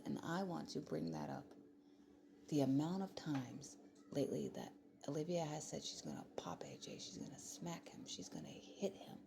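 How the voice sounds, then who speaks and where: A woman's voice: sits low, gravelly, background noise. A woman vlogger talking in a rambling, heated casual monologue, full of fillers and swearing.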